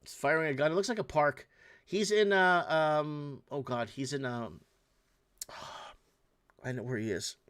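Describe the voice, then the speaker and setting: A man's voice: fairly high pitch, a little slow, long pauses, a bit bright, clear, resonant tone. A man hosting his own podcast, giving casual, exasperated news commentary, rambling with frequent restarts and fillers. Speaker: podcast host.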